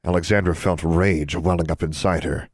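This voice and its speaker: A man narrating a story in a steady, measured read. His voice is very low and deep. The recording is close and dry, with no room sound. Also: no echo. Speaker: audiobook narrator. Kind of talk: scripted narration.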